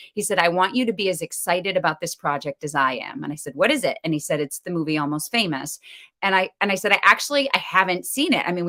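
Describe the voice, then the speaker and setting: A woman in her thirties, a stage actress, telling animated stories in a casual interview, laughing now and then with plenty of ums. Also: on the low side. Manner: animated storyteller, laughs often, lots of ums.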